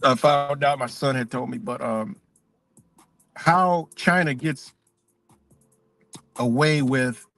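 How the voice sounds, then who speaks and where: A man's voice: mid-range voice, takes it slowly, long pauses, a bit bright, no echo, faint music behind. A man hosting a livestream, ranting casually in a profane, rambling way with many restarts. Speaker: livestream host.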